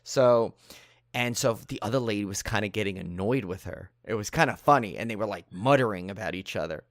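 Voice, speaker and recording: A man's voice: on the low side, fairly quick, no room sound. Guy on a podcast telling a story, acts out all the voices, dry close mic. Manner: animated anecdote-telling, acts out quoted people. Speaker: podcast co-host. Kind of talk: casual storytelling chat.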